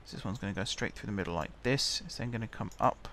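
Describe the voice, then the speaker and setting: A man's voice: lowish voice, fast talker, vocal fry, fairly bright tone, slight background noise. A man chatting casually as he plays a building game, muttering to himself while he builds. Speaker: gaming channel host.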